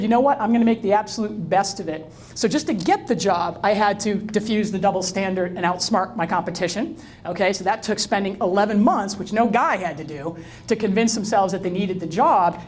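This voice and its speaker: Middle-aged woman, live talk to an audience, animated storyteller, faint rumble underneath. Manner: lively storyteller who acts out dialogue and quizzes the audience. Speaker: speaker.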